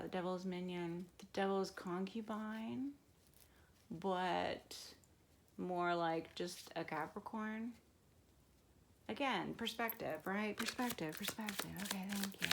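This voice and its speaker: A woman's voice: mid-range voice, a little hiss or hum. A woman doing a casual tarot reading for her viewers, musing aloud and laughing often. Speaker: tarot reader.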